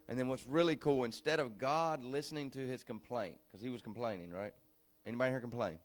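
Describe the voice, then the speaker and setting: A man pastor preaching informally to a recovery group, repeating himself and asking the room questions, dropping low and slow and then rising to shouts. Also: soft background music. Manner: swings from quiet and slow to loud and shouting.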